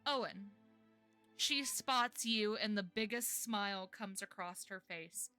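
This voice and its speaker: A woman's voice: mid-range voice, slow, bright, forceful tone, smooth, faint music behind. A woman narrating a tabletop game as game master, casual and often laughing.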